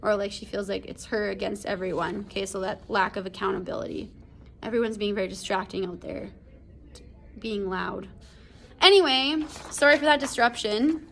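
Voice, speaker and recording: A woman's voice: mid-range voice, normal speed, gravelly, fairly bright tone, a little hiss or hum. A woman teacher recording a casual lesson video about a story, talking in a chatty way full of fillers, from home. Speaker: English teacher. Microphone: computer or phone video recording.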